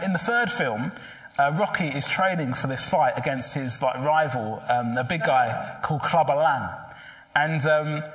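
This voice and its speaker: Male preacher, slightly high, earnest and pleading. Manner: earnest, pleading, many rhetorical questions. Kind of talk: sermon. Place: church hall.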